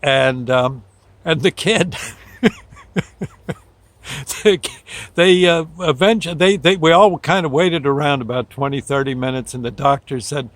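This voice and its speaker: A man's voice: a little high, a little slow, pauses often, a bit bright, no echo. An older man, a show host, telling a rambling folksy story, often laughing and briefly acting out the people he quotes. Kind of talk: casual storytelling.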